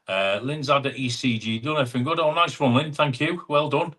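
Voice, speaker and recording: A man's voice: medium pitch, bright, forceful tone. A man hosting a casual live chat, reading out viewer comments and calling people mate. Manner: chatty, calls viewers mate, quick asides. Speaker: livestream host. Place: home room. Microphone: wireless clip-on mic.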